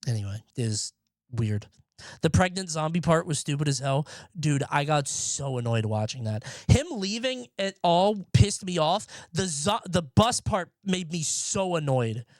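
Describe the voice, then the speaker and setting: A man's voice: on the high side, very animated, measured pace, no echo, clean studio sound. A young man streaming and chatting casually, rambling and swearing offhandedly. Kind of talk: casual live-stream chat. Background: faint music.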